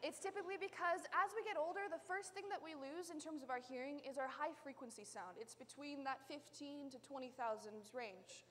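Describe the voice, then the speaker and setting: A woman's voice: sits high, fairly quick, few pauses, fairly bright tone, big-room sound, slight background noise. A woman presenting a live science demonstration, chatting directly with the children in the audience. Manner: chatty, addressing kids in the audience.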